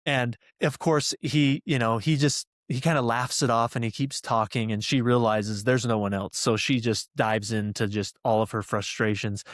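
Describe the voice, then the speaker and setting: A man's voice: mid-range voice, no room sound, clean studio sound. A man hosting a podcast, earnestly telling a personal story in conversation, with many fillers along the way. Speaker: podcast host.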